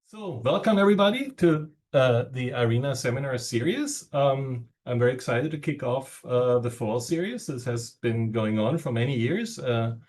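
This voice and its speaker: A man with a German accent giving seminar opening remarks as a research network director over a video call, halting with many fillers and pauses. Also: medium pitch, animated, darkish tone.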